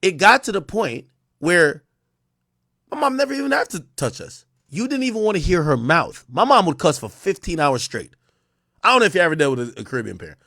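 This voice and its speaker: Animated, profane young man ranting. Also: high-pitched, no echo, studio quality. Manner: animated, profane, excitable storytelling with frequent restarts. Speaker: livestreamer. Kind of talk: casual livestream rant.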